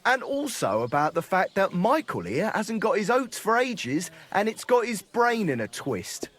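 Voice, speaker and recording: An actor playing a crude, jolly drinking buddy in a video game, bawdy and mocking. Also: male voice, sits high, big pitch swings, measured pace, a bit bright, full character voice. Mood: rowdy.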